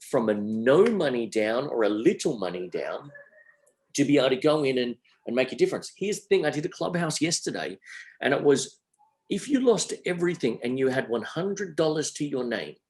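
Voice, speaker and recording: A man's voice: medium pitch, sing-song, normal speed. A middle-aged Australian man as a guest on a podcast interview, speaking with energy and emphasis and repeating his phrases. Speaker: entrepreneur guest.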